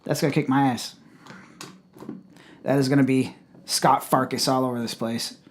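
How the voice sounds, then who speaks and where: A man casually reviewing a hot sauce on his channel, blunt and profane, with loud exclamations. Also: medium pitch, fairly even intonation, normal speed, a little hiss or hum.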